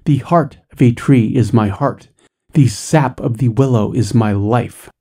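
A man voicing a gentle young female willow-tree spirit who pleads in a feeble voice. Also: mid-range voice, unhurried, breathy edge. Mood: urgent.

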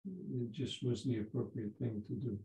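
A man in his seventies, a Zen teacher giving a dharma talk, telling a story in a halting way with many restarts. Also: medium pitch, mellow. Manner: halting, repeats words and restarts. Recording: roomy echo.

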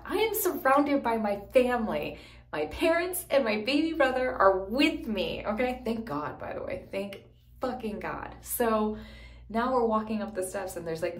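A young woman from New Jersey telling a story to camera in a casual, profane vlog style, full of quick asides. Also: medium pitch. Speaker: lifestyle vlogger. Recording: roomy echo.

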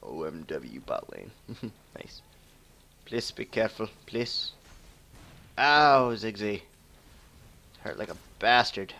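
A man's voice: low-pitched, sing-song, a little slow, gravelly, sharp tone, slightly rough. A man casually commenting on his own match while streaming, joking and laughing often as he plays at home. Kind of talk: casual live game commentary. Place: home room with keyboard typing.

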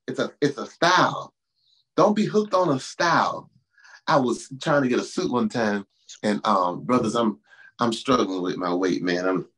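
A man preaching as a pastor, with a voice that sits fairly high for a man. He talks in a loose, conversational way, stumbling over restarts and repeating his key lines. He drops into low asides and then rises into loud exclamations. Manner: casual, conversational phrasing with stammered restarts. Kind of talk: preaching-style talk to singles.

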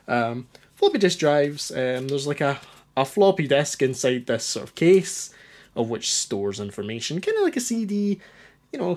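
A retro gaming YouTuber with a medium-pitched, darkish voice rambles through a hands-on gadget demo. He sounds a bit anxious, stutters, and fills the demo with ums, restarts, and self-deprecating remarks.

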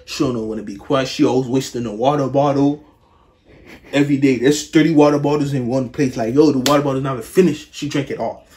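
A man in casual chat, teasing his relatives in slangy, animated talk. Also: mid-range voice, fast. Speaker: family member roasting relatives.

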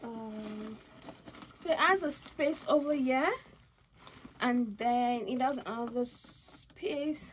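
A young woman talking casually at home in a haul vlog, gushing and squealing with excitement over her purchases. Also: fairly high pitch, slow, slight background noise. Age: young adult. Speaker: vlogger.

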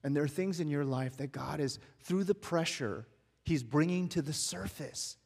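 A male pastor delivers a conversational sermon, asking the congregation question after question. His voice sits a little higher than most men's, and a long reverb trails each phrase from the church hall. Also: normal speed, gravelly, a little mellow, breathy edge. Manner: conversational preaching with repeated rhetorical questions.

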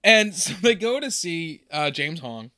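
A man's voice: on the high side, big pitch swings, unhurried, pushed and bright, no room sound, clean studio sound. A man co-hosting a podcast in casual chat, joking and laughing a lot. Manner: jokey, laughs often, fillers and restarts. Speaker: podcast co-host.

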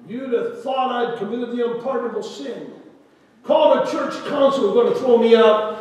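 An older male preacher tells his story from the pulpit, his high voice swinging between loud outbursts and near-whispers. He sounds far from the mic, in a big hall that rings with a long echo. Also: moderate pace. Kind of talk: sermon testimony. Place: large church hall.

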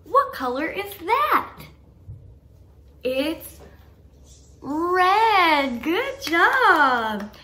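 A young woman teaching toddlers in a learning video, talking slowly and encouragingly in a sing-song way with delighted gasps. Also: extremely high pitch, sing-song, bright, forceful tone, slight background noise. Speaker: children's teacher.

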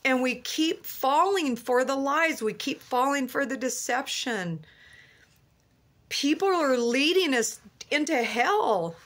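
A woman's voice: high-pitched, animated, slow, fairly bright tone. Earnest woman preaching from her car. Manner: earnest, rambling, with many restarts and "you know". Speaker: Christian vlogger. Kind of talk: fervent religious monologue.

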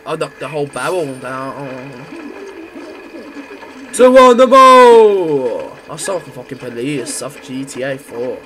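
A man giving loud, crude, excitable gameplay commentary. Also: medium pitch, moderate pace, hardly any pauses. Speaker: gamer.

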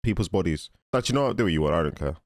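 A young man giving casual, excitable commentary while watching a film, often laughing and exclaiming. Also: sits low, very fast, no echo. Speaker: movie reaction host. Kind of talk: casual movie reaction commentary.

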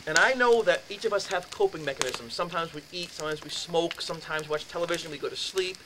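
Man, lecture storyteller, lively, acts out voices, slightly high voice, noisy background. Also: fast. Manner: animated storyteller acting out dialogue. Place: lecture room.

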